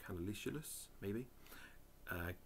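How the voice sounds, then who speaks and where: A man's voice: fairly low pitch, slow, vocal fry, slight background noise. A man reading dictionary headwords aloud one by one, adding muttered, dry asides. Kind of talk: casual reading of word lists.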